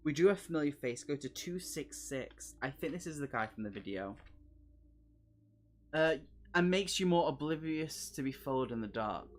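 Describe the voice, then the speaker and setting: A man's voice: medium pitch, expressive, normal speed. Chatty man streaming a gamebook. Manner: chatty and jokey, laughing asides between read passages. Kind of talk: live solo gamebook playthrough.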